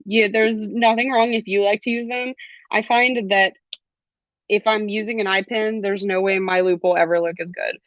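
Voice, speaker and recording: A woman's voice: medium pitch, fairly even intonation, normal speed, no echo, muffled recording. A young adult woman teaching a live beading class, chatty, with frequent ums and laughs. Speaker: jewelry class instructor. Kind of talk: live online craft class.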